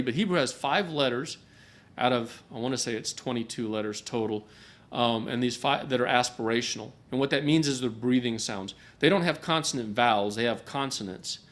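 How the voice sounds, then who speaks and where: A man's voice: mid-range voice, a bit bright. A man teaching a Bible class at a church gathering, talking in a conversational way and often repeating a word as he restarts a thought. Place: gathering hall.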